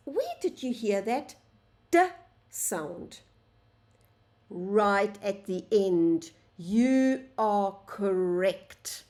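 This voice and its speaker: Slow sing-song woman teaching phonics. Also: medium pitch, expressive, a little mellow. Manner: slow, sing-song, sounds out letters, addresses "boys and girls". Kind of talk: phonics lesson for young children.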